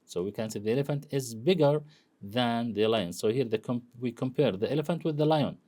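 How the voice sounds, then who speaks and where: A male university lecturer explains English grammar in a halting way, full of fillers and restarts. His voice is mellow and warm, pitched in the middle for a man.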